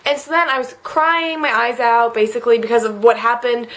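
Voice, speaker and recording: A woman's voice: a little high, steady tone, brisk, a bit bright. A teenage girl talking in a rambling, emotional confessional vlog, close to tears and full of filler words. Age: late teens. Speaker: vlogger.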